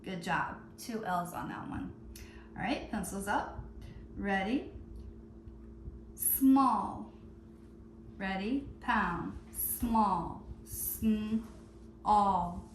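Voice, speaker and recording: A woman teacher leading a phonics lesson for young children, calling out words slowly and stretching out the sounds. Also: mid-range voice, roomy sound, a little hiss or hum. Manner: slow, drawn-out word calling.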